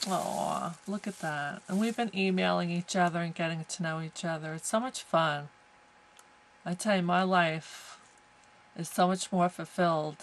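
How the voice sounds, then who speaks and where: A woman's voice: low-pitched, slight background noise, low-quality recording. A woman from the United States opening a package on camera, gushing with lots of exclamations. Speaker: crafting vlogger. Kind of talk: casual unboxing chat.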